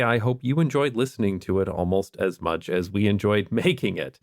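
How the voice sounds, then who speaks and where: A man's voice: lowish voice, dry recording, clean studio sound. A man hosting a podcast, chatting in an easygoing way and wrapping up the episode. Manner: easygoing, wraps up the show. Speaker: podcast host. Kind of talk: casual podcast conversation and outro.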